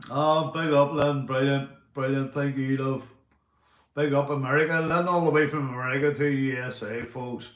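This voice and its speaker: A Northern Irish man live-streaming from home, chatting casually, swearing and giving shout-outs to his viewers. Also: medium pitch, roomy sound. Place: indoors at home.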